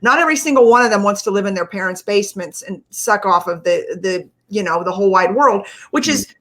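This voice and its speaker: A woman's voice: mid-range voice, animated, a little fast, fairly bright tone. A woman hosting a live-streamed interview, talking in an enthusiastic, effusive way. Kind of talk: casual interview.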